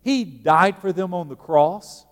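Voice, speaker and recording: A man preaches a sermon, his voice sitting a little high for a man. He swings between loud emphatic peaks and quiet, dropped asides. A long church reverb trails behind his words. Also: animated, takes it slowly. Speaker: pastor.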